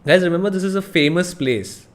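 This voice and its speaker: An Indian man hosts a casual gaming livestream, speaking briskly in a voice that sits high. He thinks aloud and mutters, reading signs under his breath.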